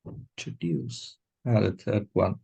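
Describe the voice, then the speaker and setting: Very low, husky, creaky-voiced woman. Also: expressive, mellow. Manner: hesitant, repeats words slowly to try them out. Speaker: student. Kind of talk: practicing pronunciation in a lesson.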